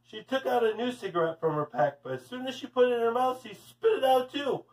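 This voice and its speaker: A man's voice: very high-pitched, fairly quick, recorded from a distance, rough recording. A man, a teacher, reading a storybook aloud to children in a friendly way. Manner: friendly, addressing kids.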